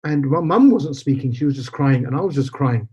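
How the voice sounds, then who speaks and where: A husky, dark-toned man in his forties, speaking briskly and animatedly at a medium pitch, tells a personal story as a podcast guest. He acts out quoted lines and mixes in Punjabi phrases, recorded in slightly dull lo-fi audio.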